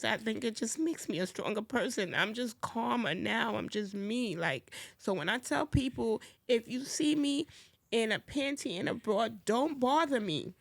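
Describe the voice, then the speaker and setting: A woman's voice: on the high side, animated, unhurried, creaky, no echo. A woman, a guest on a podcast, telling her story with passion and repeating herself as she rises near to tears. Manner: impassioned, repetitive, rising to near tears. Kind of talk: emotional testimony in a podcast conversation.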